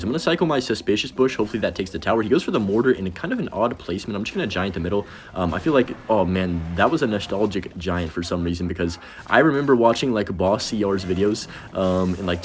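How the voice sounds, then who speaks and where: A young man giving casual, rambling commentary over his own gameplay, self-deprecating and reacting quickly to each play. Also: sits low, a little hiss or hum. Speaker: gaming commentator.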